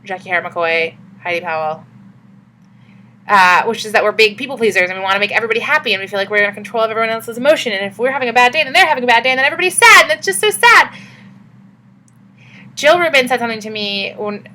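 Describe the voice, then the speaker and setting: Bright-voiced chatty young woman vlogging. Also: on the high side, fast talker, poor audio. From Massachusetts. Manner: chatty, upbeat, many fillers. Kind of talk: casual vlog talk.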